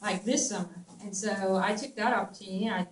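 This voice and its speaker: A middle-aged woman with a Southern US twang, telling stories in a casual, animated way, laughing often and restarting her sentences. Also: medium pitch, brisk. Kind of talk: casual storytelling. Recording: echoey room, distant mic, faint ambient noise.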